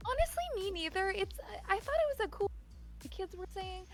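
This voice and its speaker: High-voiced giggly woman playing d&d, super lively pitch, little music in back. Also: fairly quick. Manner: giggly, excitable. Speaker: player. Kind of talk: casual tabletop game play.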